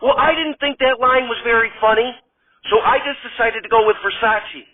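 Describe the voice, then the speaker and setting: A man voicing a sweet, bubbly female comedian, speaking in a breathy falsetto. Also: moderate pace. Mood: fed up. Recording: tinny distant phone-like sound.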